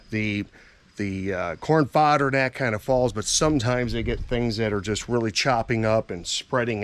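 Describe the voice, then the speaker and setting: A man who works as an auctioneer, chatting plainly and casually as he walks around farm machinery outdoors. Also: mid-range voice. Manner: folksy, plainspoken, thinking aloud with fillers. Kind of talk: casual walkaround commentary.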